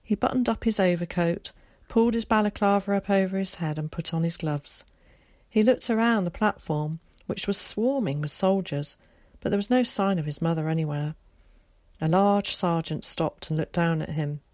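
Calm, low-pitched woman narrator. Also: no echo, clean studio sound. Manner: calm, measured. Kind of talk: audiobook narration.

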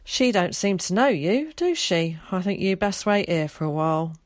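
A woman's voice: on the low side, lively intonation, normal speed, no echo, studio quality, lightly acted. Woman doing a weary middle-aged ticket man. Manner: weary, gruff, questioning.

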